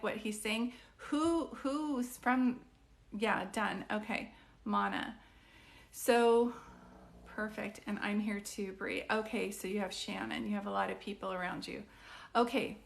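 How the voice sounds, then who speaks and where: A fairly high-voiced woman talking straight into her phone on a live stream. She rambles and gets excited, reads out viewers' names and breaks off mid-sentence. It sounds like a casual chat with the people watching. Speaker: psychic reader on a live stream.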